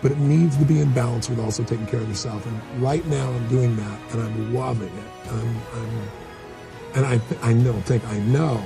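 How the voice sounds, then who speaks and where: A man's voice: medium pitch, fairly even intonation, moderate pace, vocal fry, over music. A man speaking as a motivational speaker in a candid interview, blunt and full of stories, acting out quotes. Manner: storytelling, blunt, acts out quotes.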